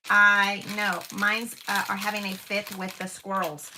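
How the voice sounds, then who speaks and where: A woman's voice: mid-range voice, level tone, unhurried, pushed and bright, slight background noise. A woman in her fifties hosting a live crafting stream from home, gushing over each piece with lots of fillers. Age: 50s. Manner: gushing, exclaims often, many fillers. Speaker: crafting livestream host. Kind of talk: casual live craft chat.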